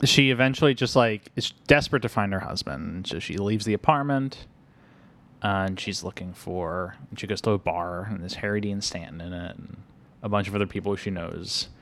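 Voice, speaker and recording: Young male podcast co-host, low voice, loose filler-heavy movie chat. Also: normal speed, a bit bright. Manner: rambling, filler-heavy, laughs often. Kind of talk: casual movie-review chat.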